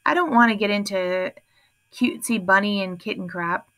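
A woman's voice: mid-range voice, moderate pace, a bit bright, natural voice. A woman voicing a sarcastic, mocking teenage boy in an audiobook.

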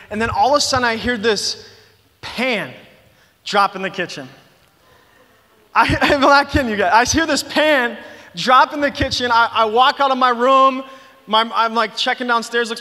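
Very high-voiced, bright youth pastor. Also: male voice. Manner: animated storytelling, filler "like" and "you guys". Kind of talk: youth sermon. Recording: long reverb of a big hall.

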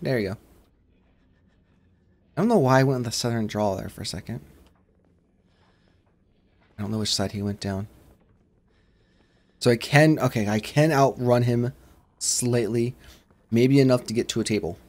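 Playing a horror game, this gaming channel host keeps up a rambling commentary in a mid-range male voice, moving at a moderate pace with frequent pauses. Jump scares set him off into abrupt yelling.

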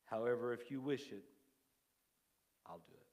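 A man's voice: mid-range voice, normal speed, darkish tone, close to an everyday voice. A pastor quoting a modest old clergyman. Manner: hesitant, self-effacing. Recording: long church-hall reverb.

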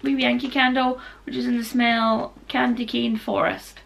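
A woman, hoarse and husky, chatting casually in a vlog and sometimes dropping to a whisper. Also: on the high side, level tone, normal speed, a bit bright, a little hiss or hum. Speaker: vlogger.

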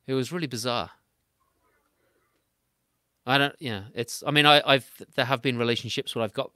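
A man's voice: mid-range voice, fairly quick, pauses often, pushed and bright, no room sound, clean studio sound. A man from England, hosting a casual interview over a remote call, chatty and laughing often as he tells stories. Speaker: podcast host. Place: home, remote video call.

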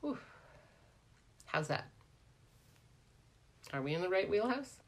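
A middle-aged woman coaching in a casual live stream, animated and chatty, often ending points with "right?" and greeting viewers by name. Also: medium pitch, slow pace. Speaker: life coach hosting a live Q&A.

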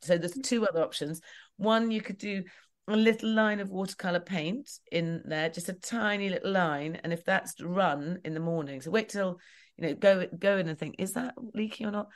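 A woman's voice: on the low side, moderate pace. A woman guest giving practical home advice in a chatty, rambling way, often correcting herself mid-sentence. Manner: chatty, rambling, explains with self-corrections and laughs. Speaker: guest property expert. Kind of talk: casual interview advice.

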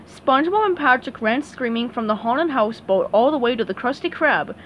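A woman reads a children's storybook aloud with a fairly high voice. Her pitch moves a lot as she tells the story, animated and expressive. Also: a little fast, highs cut off, a little hiss or hum. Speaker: storybook reader. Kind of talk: read-aloud story narration.

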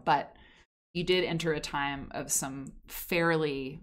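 Lady host on a live stream, kinda low voice, gushy and rambly. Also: steady tone, slow. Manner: chatty and effusive, many restarts. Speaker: host of a live quilting history show. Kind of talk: casual live-stream chat.

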